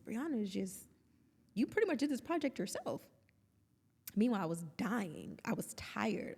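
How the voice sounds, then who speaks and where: A woman in her thirties co-hosts a podcast in a fairly low voice with vocal fry and a little mellowness, chatting candidly and expressively with quoted asides. She sounds like she's in a large hall.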